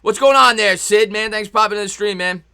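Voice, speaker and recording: A young man calling a baseball game live on his stream, excitable and chatty, reading viewers' messages between pitches. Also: fairly quick, gravelly, smooth. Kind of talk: fan play-by-play commentary on a live stream.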